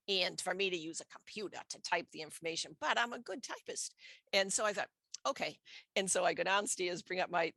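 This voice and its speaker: A woman's voice: lowish voice, bright, forceful tone, dry recording. A middle-aged woman from the United States telling a personal story in a casual interview, acting out her own reactions as she goes. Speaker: podcast guest.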